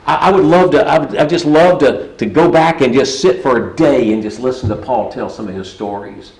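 A man's voice: mid-range voice, brisk, darkish tone, roomy sound, low-quality recording. A middle-aged man preaching a sermon in a conversational storytelling way, often restarting his sentences.

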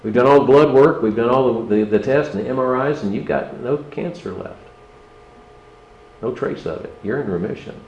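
A man's voice: medium pitch, moderate pace, darkish tone, muffled recording, slight background noise. Man preaching, fervent, rising and falling delivery, echoey church room with faint ambience. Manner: impassioned, rising and falling, rhetorical questions to the congregation. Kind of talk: sermon.

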